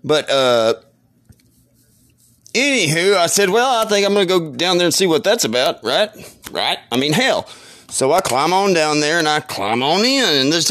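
A man's voice: on the high side, very animated, takes it slowly, long pauses, a bit bright, no echo. A man drawling an improvised comic story in a voice message, meandering and trailing off into fillers. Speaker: voice message caller.

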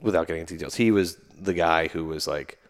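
A man with a very low, deep voice, speaking as a guest and army veteran. He tells stories in a loose, rambling way, with plenty of fillers and false starts. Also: fast. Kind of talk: casual conversational storytelling.

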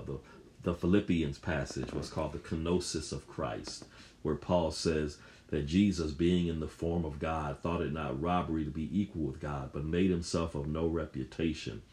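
A male preacher with a very deep voice delivers a sermon. He speaks emphatically, often restarting and repeating his phrases as he builds each point. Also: dark tone, a little hiss or hum.

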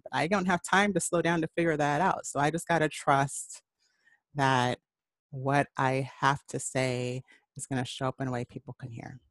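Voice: medium pitch, fairly even intonation, moderate pace, no echo. An adult voice teacher giving a casual, encouraging spoken lesson, rambling a little, with many fillers and restarts. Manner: encouraging, addresses the listener directly. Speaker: voice and singing teacher.

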